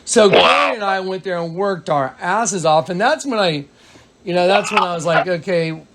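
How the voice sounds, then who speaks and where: A man with a fairly high voice talks over a phone call in a loose, rambling flow. He keeps restarting his sentences and slips into quoted speech as he retells conversations. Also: normal speed, noisy background. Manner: rambling, many restarts and fillers. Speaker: caller recounting events.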